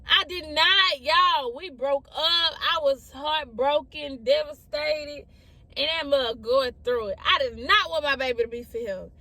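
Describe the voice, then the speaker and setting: A young woman with a somewhat high voice, sharing a personal story to camera. She talks casually and repeats her lines for emphasis. She keeps turning to address her audience directly. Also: unhurried, bright, forceful tone, no echo. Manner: chatty, repeats phrases, often addresses listeners as y'all. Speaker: storyteller vlogger.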